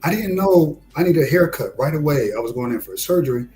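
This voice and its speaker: A man's voice: quick pace, soft background music, rough recording. A man from Detroit, animatedly telling a story in casual chat. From Detroit, USA. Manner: animated, acts out quotes with rising pitch. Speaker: discussion guest.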